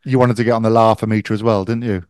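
A man's voice: lowish voice, level tone, fast talker, a little mellow, clean tone, dry recording. A man co-hosting a podcast, chatting casually and adding dry quips. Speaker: podcast co-host. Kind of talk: casual chat.

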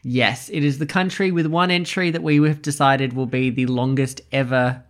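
Male podcast guest, mid pitch, wry and joking, casual. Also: fairly even intonation, normal speed.

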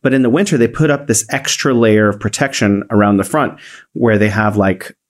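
A man's voice: lowish voice, a little fast. A young man co-hosting a casual talk show, rambling through long descriptive stories and acting out voices in his anecdotes. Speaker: podcast co-host. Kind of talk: casual chat.

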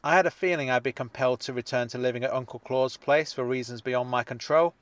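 A man's voice: mid-range voice, quick pace, no echo. A man reading a first-person story aloud, with a wry, dry sense of humour. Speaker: narrator. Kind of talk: first-person audiobook narration.

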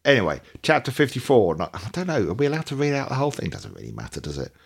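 A man hosting a podcast in casual chat, self-mocking and quick to laugh. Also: medium pitch, huge pitch swings, creaky, slightly rough. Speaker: podcast host.

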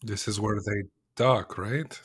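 A man's voice: lowish voice, slow, slightly rough. A man playing in a tabletop game, asking dry questions. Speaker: player. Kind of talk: casual chat.

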